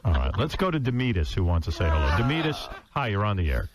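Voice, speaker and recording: A man's voice: on the low side, sing-song, fast, a loud crowd. A man hosting a radio talk show, teasing and egging on his guests. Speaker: radio host.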